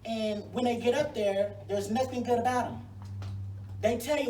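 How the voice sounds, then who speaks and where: A woman's voice: a little high, fairly even intonation, fairly quick, darkish tone, distant mic. Fired-up woman speaking in an echoey room. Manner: sassy, fired-up, folksy. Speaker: congressional primary candidate. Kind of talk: campaign stump speech. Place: venue hall at a forum. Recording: echoey room, mic from afar.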